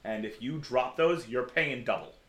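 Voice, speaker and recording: A man's voice: mid-range voice, normal speed, a bit bright, reverberant, natural voice. Man voicing a curt stern shopkeeper woman. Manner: curt, warning.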